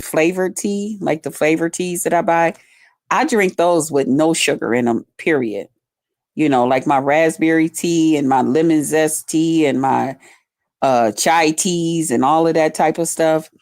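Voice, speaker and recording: A woman's voice: deep voice, a little mellow, no echo, clean studio sound. A middle-aged woman chatting casually on a live stream, folksy and talkative. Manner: chatty, folksy, reads out viewer comments. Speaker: livestream host.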